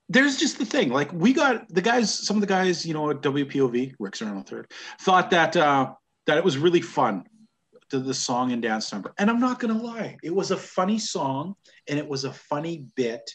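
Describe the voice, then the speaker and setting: A man's voice: on the high side, big pitch swings, moderate pace, a bit bright. A man with a Canadian accent hosting a casual wrestling podcast, joking, laughing often and grumbling about the shows. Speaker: podcast host. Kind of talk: casual chat.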